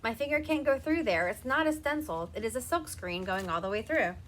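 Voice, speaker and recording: A woman's voice: fairly high pitch, lively intonation, a little fast, fairly bright tone. A woman in her thirties giving a chatty live craft demonstration, talking to her viewers as she works. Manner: chatty, laughs often, talks to viewers by name.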